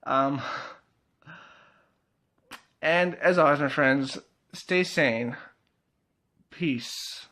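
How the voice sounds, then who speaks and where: A man's voice: fairly high pitch, drawn-out words, long pauses, bright, forceful tone. A young man casually reviewing a TV episode, laughing often, swearing freely and filling his talk with "like" and "uh".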